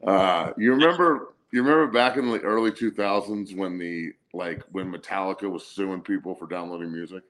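Male co-host, 40s, lowish voice, laid-back profane storyteller. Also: fairly quick, hardly any pauses, fairly bright tone. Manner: laid-back, profane, laughs through stories. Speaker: co-host, former college athlete. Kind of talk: casual storytelling chat.

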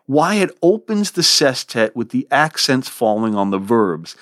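A man giving a podcast lecture on poetry in an expressive, lively way, relishing the verse. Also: fairly low pitch, unhurried, no echo, clean studio sound. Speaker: literature lecturer.

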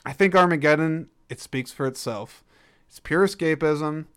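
A man's voice: fairly high pitch, normal speed, fairly bright tone, smooth. A man hosting a casual film review, rambling and jokey, correcting himself as he goes. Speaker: podcast host reviewing a film.

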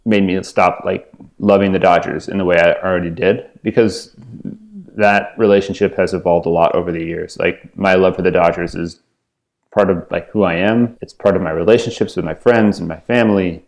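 A man's voice: low voice, a little fast, vocal fry. A man from the Los Angeles area, an author being interviewed, talking thoughtfully with lots of fillers and restarts. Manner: thoughtful, rambling with many fillers. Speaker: author guest. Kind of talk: casual interview over video call.

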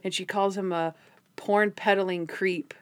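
Unhurried and steady, a mid-range female podcast co-host recaps a TV episode in relaxed chat. She brings the scenes to life, performing the characters' dialogue as she goes.

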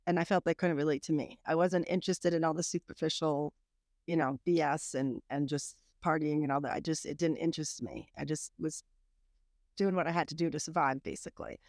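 A middle-aged woman, a podcast guest, telling her own story in a candid, animated way, often saying "like". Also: sits low, brisk, dry recording, studio quality. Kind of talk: casual storytelling.

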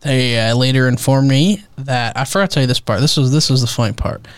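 A man's voice: medium pitch, a little fast, smooth, dry recording. Chill guy telling stories on a podcast, cusses a lot, dry close sound. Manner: laid-back, profane storyteller. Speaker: podcast co-host. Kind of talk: casual chat.

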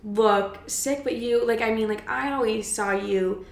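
A woman's voice: on the high side, measured pace, creaky. Chatty young woman in an echoey room. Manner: chatty, frequent "like", animated retelling. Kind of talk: candid casual chat.

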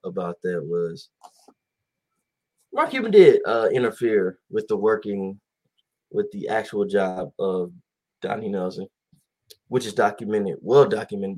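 Male host, low husky voice, rambling casual rant. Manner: animated, rambling with fillers and quoted voices. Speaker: podcast host. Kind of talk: casual chat about basketball.

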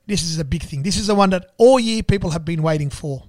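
An Australian man, a business owner, telling a story in an animated, repetitive way and acting out the dialogue. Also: on the high side, fast, no room sound, studio quality. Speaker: business owner and club sponsor. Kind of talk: storytelling in conversation.

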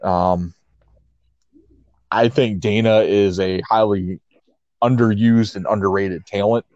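Laid-back man, low voice, muffled lo-fi sound. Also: steady tone, slow pace, darkish tone, no echo. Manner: laid-back, laughs often, peppers speech with "like". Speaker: podcast co-host. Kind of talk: casual chat recapping wrestling. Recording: muffled lo-fi audio.

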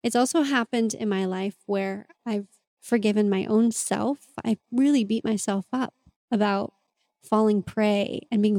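A woman's voice: medium pitch, warm tone, no echo. A woman hosting a podcast, talking in an earnest, open and confessional way in a reflective monologue. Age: adult parent. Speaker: podcast host and mentor.

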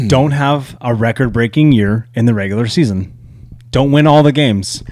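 A man's voice: medium pitch, expressive, measured pace, darkish tone, no room sound, studio quality. A young man co-hosting a podcast, joking and teasing his friend in casual sports chat. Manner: teasing, jokey, laughs often. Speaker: podcast co-host.

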